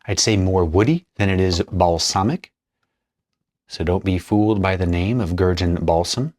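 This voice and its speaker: Man, very low voice, relaxed tutorial narrator thinking aloud, dry close sound. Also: normal speed, no room sound. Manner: thinks aloud while working, chatty asides. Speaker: perfumer demonstrating a blend. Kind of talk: casual hands-on tutorial narration.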